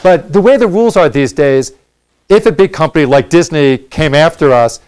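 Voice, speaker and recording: A man's voice: on the high side, moderate pace, darkish tone, smooth. A middle-aged man answering audience questions after a university lecture, explaining in a conversational way with frequent fillers and restarts.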